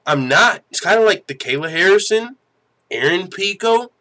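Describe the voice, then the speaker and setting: A man's voice: high-pitched, expressive, moderate pace, sharp tone, low-quality recording. A young man talks to his audience in a casual solo commentary, slangy and heavy on the swearing. His voice sits a little above the usual male range. He comes across as hyped and unfiltered the whole way through. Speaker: MMA show host.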